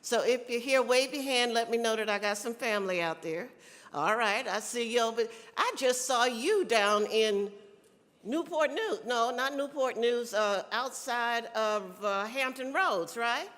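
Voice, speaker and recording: Measured in pace and on the high side, with a fairly bright tone, a Southern-accented woman from South Carolina teases and chats with the crowd, calling out to them during a folksy convention speech. Long reverb fills the large hall.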